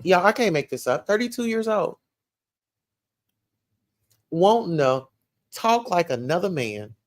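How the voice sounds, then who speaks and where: A woman from Atlanta with a Southern accent, hosting a livestream, reading comments and dishing gossip in a sassy, animated way. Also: lowish voice, measured pace. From Atlanta, USA. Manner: sassy, animated, calls listeners child and baby.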